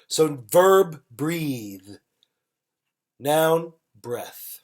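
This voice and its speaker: A teacher giving an online English vocabulary lesson, speaking slowly and repeating each word and example sentence for learners. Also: female voice, sits low, expressive, a little mellow. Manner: slow, deliberate, repeats words and example sentences.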